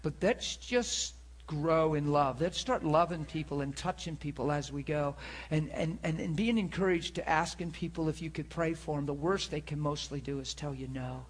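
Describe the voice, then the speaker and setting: A man's voice: on the high side, normal speed. A man preaching a sermon, telling a personal story in an earnest, storytelling manner. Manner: earnest, storytelling, with many repeated words.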